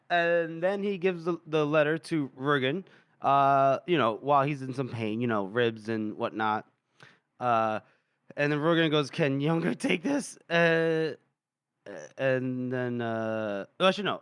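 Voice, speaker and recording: A man's voice: medium pitch, a bit bright, clean tone, no echo, studio quality. A man co-hosting a casual book podcast, retelling scenes with lots of laughter, acted quotes and fillers. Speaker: podcast co-host.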